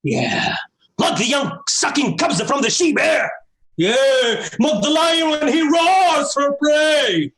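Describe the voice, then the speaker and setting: A proud warrior prince boasts in a grand, declaiming style, breaking into loud shouts. The voice sits very high for a man and swings widely. It comes over a video call with a roomy echo. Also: sing-song, slow, heavily acted. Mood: boastful. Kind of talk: Shakespeare stage acting over video call.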